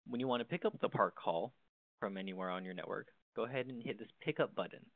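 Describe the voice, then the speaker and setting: A man's voice: on the low side, fast, vocal fry, a little hiss or hum. Man explaining steps over a tinny line. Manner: plain, step-by-step explaining. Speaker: tutorial presenter. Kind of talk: instructional walkthrough. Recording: dry, phone-like narrow sound.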